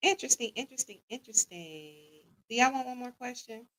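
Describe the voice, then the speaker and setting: A woman's voice: fairly high pitch, animated, fairly quick, fairly bright tone, low-quality recording. A woman hosting a live podcast in casual chat, reading listener comments aloud and quizzing them. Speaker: podcast host.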